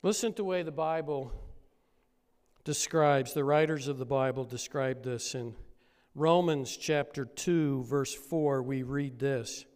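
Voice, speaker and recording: A man's voice: mid-range voice, measured pace, clean tone. Man preaching in an echoing hall. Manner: storytelling, building to loud emphatic peaks. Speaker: pastor. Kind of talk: sermon.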